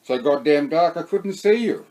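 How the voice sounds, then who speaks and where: A man with an Australian accent voicing a gruff, nervous bloke who shouts and swears. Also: on the high side, lively intonation, normal speed, lightly acted, poor audio. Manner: loud, rough-spoken, swears.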